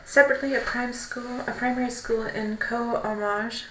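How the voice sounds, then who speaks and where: A woman streaming live, reading news aloud haltingly and correcting her own stumbles between casual remarks. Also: on the high side, steady tone. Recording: roomy echo, faint background noise.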